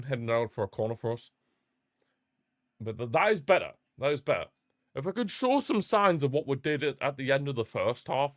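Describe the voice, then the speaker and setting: A young man hosting a live football watchalong, chatting casually and repeating himself, with sudden bursts of excitement. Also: medium pitch, dry recording, studio quality. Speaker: watchalong host. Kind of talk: casual live match commentary.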